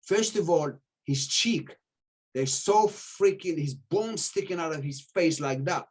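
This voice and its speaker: Husky man telling gym stories. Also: on the high side, measured pace. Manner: animated storyteller, acts out quoted voices, swears casually. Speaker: podcast guest telling stories. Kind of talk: casual storytelling chat.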